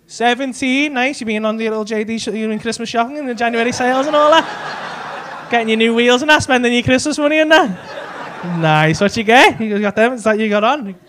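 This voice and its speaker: A man's voice: very high voice, brisk, a bit bright. A man doing stand-up crowd work, teasing and swearing as he chats with people in the audience. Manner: teasing, laughing, sweary banter. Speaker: stand-up comedian. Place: comedy club stage. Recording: noisy live club recording.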